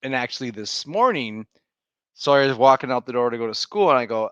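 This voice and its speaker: A man's voice: medium pitch, sing-song, fairly quick, a bit bright, no room sound, lo-fi sound. A man co-hosting a podcast, talking animatedly about parenting, laughing and acting out his kids' lines. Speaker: podcast co-host. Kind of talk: casual chat.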